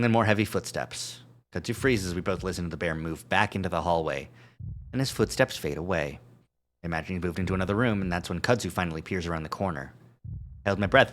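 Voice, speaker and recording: Reading a visual novel for his live-stream audience, this male streamer laces the narration with joking asides and little chuckles. The low-pitched, fairly bright voice comes with a faint hiss or hum.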